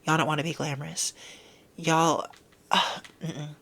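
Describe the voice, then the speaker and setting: Exasperated woman ranting, low-pitched. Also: measured pace, gravelly. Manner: exasperated, animated, swears freely. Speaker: vlogger. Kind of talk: casual ranting monologue.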